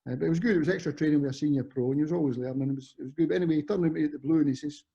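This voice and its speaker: Rapid-fire and on the high side, with vocal fry and a dark, husky tone, a Scottish ex-footballer in his fifties chats casually as a guest. His stories ramble and often correct themselves, heard through muffled lo-fi audio.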